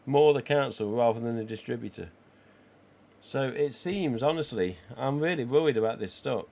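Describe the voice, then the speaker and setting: A croaky man, chatting casually as a live stream host. He reads viewer comments aloud and answers in a cheeky, easygoing way, with casual swearing. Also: mid-range voice, animated, moderate pace, dark tone. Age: 40s. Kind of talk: casual livestream chat reading viewer comments.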